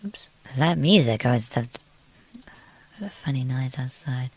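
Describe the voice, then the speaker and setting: A woman's voice: a bass voice, expressive, a little slow, husky, dry recording. A British woman streaming a game, talking casually and muttering to herself as she plays. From Britain. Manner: chatty, exclaiming, muttering to herself. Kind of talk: casual gameplay commentary.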